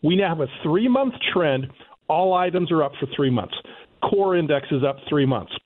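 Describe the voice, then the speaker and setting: A man's voice: on the high side, animated, moderate pace. A male economist calling in to a radio show, lecturing emphatically and indignantly. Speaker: economist guest. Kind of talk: talk radio phone interview. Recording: tinny phone line.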